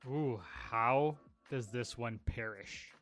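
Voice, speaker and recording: A man running a tabletop game as game master, narrating the action in a loose, rambling way. His voice is mid-pitched, with faint music under it. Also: slow pace, fairly bright tone.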